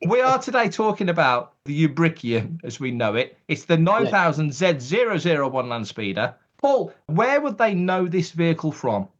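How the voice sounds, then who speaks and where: An enthusiastic man hosts a casual podcast chat in a fairly high voice. The sound is slightly dull and lo-fi, as if from a modest home mic. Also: big pitch swings, moderate pace, few pauses. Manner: enthusiastic, chatty. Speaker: podcast host.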